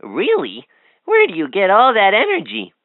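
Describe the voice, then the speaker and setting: A woman's voice: medium pitch, wildly swooping pitch, normal speed, no echo. A woman voicing a cheerful talking toy that tells knock-knock jokes and coaxes a child to answer. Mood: coaxing. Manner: coaxing, prompting the child to answer. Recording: tinny lo-fi toy speaker.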